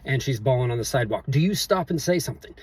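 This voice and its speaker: A man's voice: medium pitch, animated, fast, breathy edge, dry recording. A middle-aged man vlogging, telling a story in a rambling, offhand way full of loose filler phrases. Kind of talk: casual storytelling to camera. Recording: voice a bit distant from the mic.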